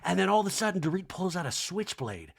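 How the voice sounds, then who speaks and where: A man hosting a podcast, recapping reality TV in a chatty, animated, profane way. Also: high voice, quick pace, gravelly, slightly rough. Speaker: podcast host.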